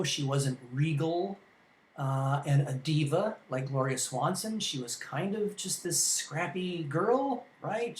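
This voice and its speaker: A man's voice: on the high side, a little hiss or hum. Rambling man lecturing in an echoey room. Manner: rambling and conversational, with many ums and restarts. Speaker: film history instructor. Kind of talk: informal classroom lecture.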